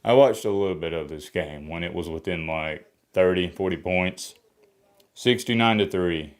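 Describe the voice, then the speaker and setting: A man doing a solo sports reaction vlog. He talks in a blunt, opinionated way, with energetic swings in pitch and a slightly hoarse voice. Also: moderate pace. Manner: opinionated, blunt trash talk. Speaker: sports vlogger. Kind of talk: solo college football reaction.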